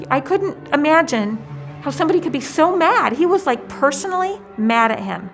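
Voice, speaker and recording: A woman with a high voice recounting a tense moment in a casual way, voicing the people involved and adding wry remarks. Faint music plays beneath her. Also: a little slow. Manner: expressive, quotes others with wry asides. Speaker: interviewee. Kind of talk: casual storytelling.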